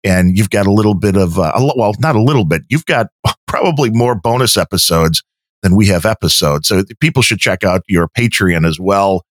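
A man's voice: fairly low pitch, expressive, a little fast, no echo, clean studio sound. A man co-hosting a podcast in casual, rambling chat, often breaking off his sentences. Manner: rambling, self-interrupting. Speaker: podcast co-host and editor.

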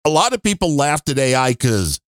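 A man's voice: mid-range voice, sing-song, fairly quick, dry recording, clean studio sound. A man co-hosting a podcast, rambling and grumbling through his opinions in casual chat. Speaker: podcast co-host.

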